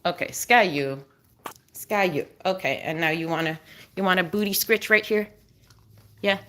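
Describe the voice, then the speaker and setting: A woman's voice: fairly low pitch, unhurried, sharp tone. A woman chatting on a casual live stream, explaining dog breeds to viewers and cooing at her dog between remarks.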